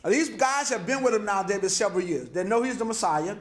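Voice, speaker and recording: A man's voice: high voice, expressive, fast, reverberant. A man preaching a sermon, passionate, with repetitions and stammered restarts. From New Orleans, USA. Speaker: pastor. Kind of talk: sermon lecture. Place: lecture hall.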